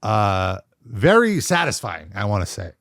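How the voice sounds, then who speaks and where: A man's voice: fairly low pitch, sing-song, unhurried, fairly bright tone, no echo. A man hosting a podcast in casual chat, reacting to his co-host's stories and steering toward the close of the segment. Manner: upbeat, reacting and wrapping up segments. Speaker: podcast host.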